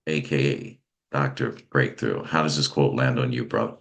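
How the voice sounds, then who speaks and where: A man hosting a motivational panel talk, speaking haltingly and often repeating his words. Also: extremely low pitch, vocal fry, a bit bright. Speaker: host.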